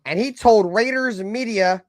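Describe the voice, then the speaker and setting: Fan-show co-host, man, high voice, profane rants that swing loud to muttered. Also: unhurried, dry recording, studio quality. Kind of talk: heated live-stream sports talk.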